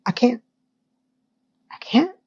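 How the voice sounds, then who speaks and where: A woman's voice: slow, darkish tone, highs cut off. Sassy woman recapping a TV episode. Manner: chatty and sassy, addresses viewers directly. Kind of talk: casual episode recap commentary.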